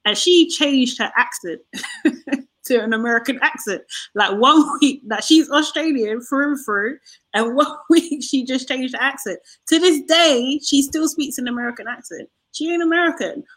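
A woman's voice: high-pitched, normal speed, a bit bright. A woman chatting casually, telling anecdotes with laughs and reflective asides. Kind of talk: casual chat.

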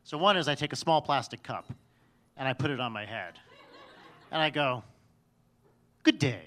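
A man's voice: medium pitch, moderate pace, bright, forceful tone. A man telling a personal story on stage in a wry, self-mocking way, often restarting his sentences.

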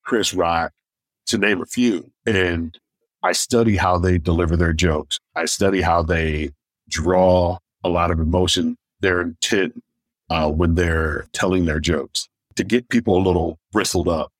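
A stand-up comedian from Michigan telling personal stories in an interview and acting out what other people said. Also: male voice, sits low, measured pace, no room sound. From Michigan, USA. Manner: animated anecdotes, acting out others' lines; deaf in one ear. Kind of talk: storytelling in a podcast interview.

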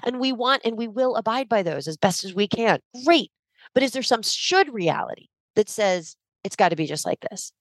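A woman's voice: on the high side, big pitch swings, moderate pace, dry recording. A woman leadership coach explaining her ideas with energy and emphasis in a podcast interview over a video call.

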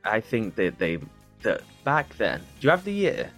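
A man with a somewhat low voice co-hosts a casual podcast. He reasons through quiz answers aloud, lively and quick to react. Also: soft background music. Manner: thinks out loud, animated. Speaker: podcast co-host. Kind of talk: casual podcast game show.

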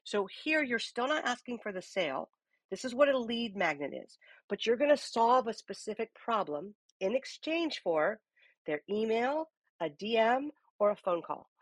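A woman's voice: on the high side, moderate pace, dry recording. A woman hosting a live audio room as a business coach, talking energetically and checking in with her listeners. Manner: lively, uses many rhetorical "okay?" check-ins.

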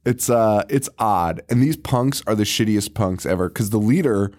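A man's voice: lowish voice, normal speed, darkish tone. A young man co-hosting a podcast, chatting casually, swearing a lot and laughing often. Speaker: podcast co-host. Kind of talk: casual chat.

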